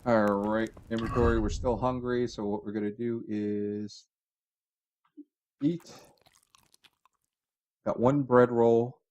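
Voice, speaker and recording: A man's voice: takes it slowly, pauses often, noisy background. Rambling male let's-play commentator. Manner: rambling, chatty, trails off and restarts; excited bursts of high pitch at discoveries. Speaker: gaming channel host.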